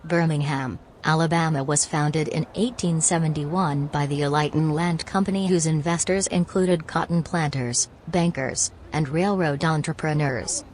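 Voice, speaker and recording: Low-voiced woman podcast host. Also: steady tone, moderate pace, few pauses, a little mellow, a little hiss or hum. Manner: dry, businesslike, reads facts plainly.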